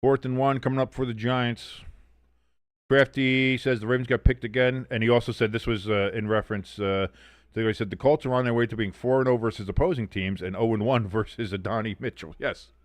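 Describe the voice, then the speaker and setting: On his casual watch-along stream, a man with a mid-range, fairly even voice talks a little fast as he calls the action and reads chat. He swears plenty and keeps a sardonic edge, with no echo in the audio.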